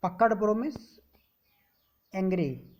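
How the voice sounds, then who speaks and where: Slow, patient Indian English teacher. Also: mid-range voice, animated, lo-fi sound. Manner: reads a line, then repeats it in simpler words. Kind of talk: explaining a story lesson.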